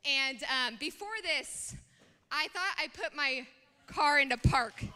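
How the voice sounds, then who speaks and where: Young woman, student speaker. A chatty, animated story for a youth talk, full of fillers. The voice is bright and a little high, and it rings in a hall. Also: slow.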